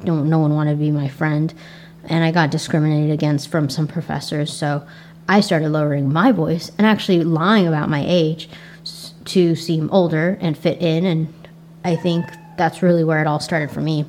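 A woman's voice: sits low, steady tone, moderate pace, darkish tone, slight background noise. A young adult woman with an Asian American accent hosting a casual solo podcast, reflective and rambling with frequent restarts. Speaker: podcast host.

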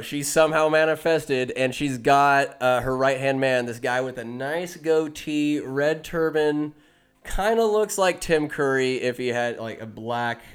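A man's voice: on the high side, clean tone. A man giving a rambling comic movie recap, full of jokey asides and self-interruptions.

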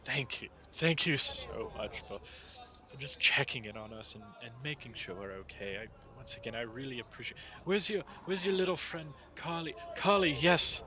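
A man's voice: mid-range voice, animated, moderate pace, pushed and bright, dull audio, pitched above the performer's own voice. A man voicing a grateful male traveler who stammers out his heartfelt thanks. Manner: stammering, earnest.

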